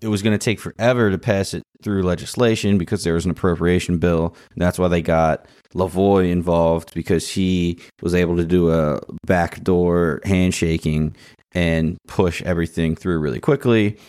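Low-voiced guy rambling through an episode recap, dry close sound, lots of ums. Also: steady tone, normal speed, a little mellow, dry recording. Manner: rambling, loose storytelling with lots of "um". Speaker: podcast co-host. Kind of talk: casual episode recap chat.

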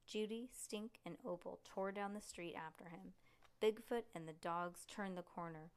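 A woman reading a children's book aloud in a lively way, with occasional slips and restarts. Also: fairly low pitch, measured pace, clean tone. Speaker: reader.

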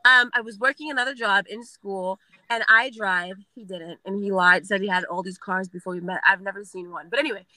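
A woman's voice: medium pitch, brisk, few pauses, no room sound, low-quality recording. A young woman telling a story bluntly, with plenty of swearing. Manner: blunt, profane, animated. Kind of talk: casual storytelling.

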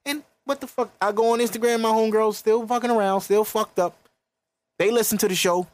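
A man's voice: high-pitched, fairly even intonation, brisk, no echo. Profane man in his thirties ranting. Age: 30s. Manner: profane, emphatic, lecturing. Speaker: podcast host. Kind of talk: casual podcast rant.

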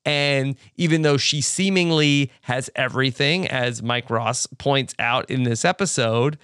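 A man's voice: medium pitch, measured pace, clear, resonant tone, no echo, clean studio sound. A man hosting a podcast, steadily leading a casual recap of a TV episode and reading listener feedback. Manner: steady, leads the talk, reads out listener feedback. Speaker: podcast host.

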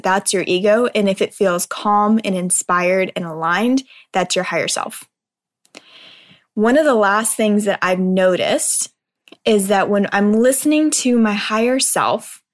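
A woman speaking as a mindset speaker in a casual motivational talk, earnest and conversational, often checking in with her listeners with a quick "right?". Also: medium pitch.

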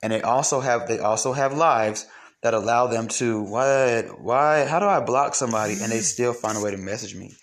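A man's voice: medium pitch, moderate pace. A young man hosting solo commentary, blunt and profane, ranting with mocked quotes. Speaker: commentary host.

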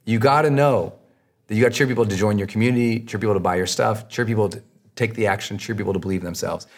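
A man's voice: fairly low pitch, fast. Emphatic man coaching on a podcast. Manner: emphatic, repetitive coaching delivery. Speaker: podcast host, marketing coach. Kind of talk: solo podcast answering listener questions.

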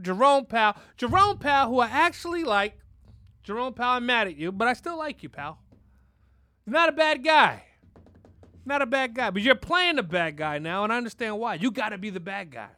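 A man's voice: very high voice, pushed and bright. A man hosting a podcast, ranting in casual chat, heated and repetitive, swearing constantly. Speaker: podcast host. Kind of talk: casual profane rant.

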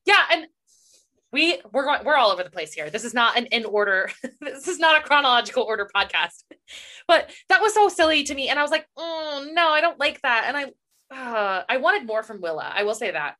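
Bright, expressive woman in casual chat. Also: fairly high pitch. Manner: rambling, expressive, quick to laugh. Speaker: podcast co-host.

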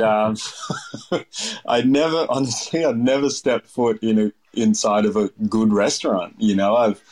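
A man's voice: lowish voice, darkish tone. A man in his thirties with an Australian accent, casually telling stories as a chef in an interview, rambling with lots of fillers. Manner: rambling, full of fillers, acts out voices in his anecdotes. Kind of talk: casual storytelling.

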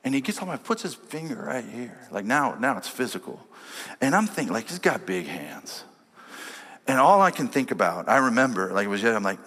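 A man preaching a sermon as pastor, telling a personal story and swinging between loud emphatic lines and quiet, low ones. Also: very animated, brisk. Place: large church hall. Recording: long church-hall reverb.

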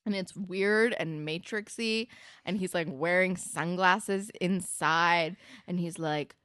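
A woman co-hosting a casual podcast, recapping a TV episode and acting out the characters' lines in quick asides. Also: lowish voice, fairly bright tone, clean tone, no room sound, clean studio sound. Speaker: podcast co-host.

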